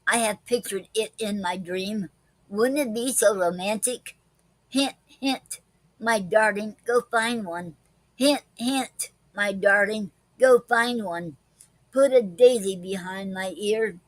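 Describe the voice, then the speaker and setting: Slow-reading woman poetry host. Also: mid-range voice, dry recording, poor audio. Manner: slow deliberate reading with many pauses and fillers. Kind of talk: live-stream poetry reading.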